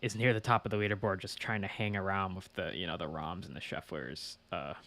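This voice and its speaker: A man's voice: low-pitched, steady tone, a little fast, vocal fry, pushed and bright. A young man co-hosting a podcast, speaking in an easygoing way with frequent "I mean" and "you know". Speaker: podcast co-host. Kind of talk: casual sports chat.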